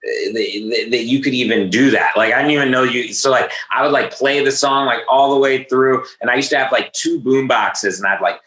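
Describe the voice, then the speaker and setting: A man from Northern Virginia, a music producer talking in a casual interview, excitable and self-deprecating. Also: mid-range voice, brisk, hardly any pauses, echoey room, rough recording.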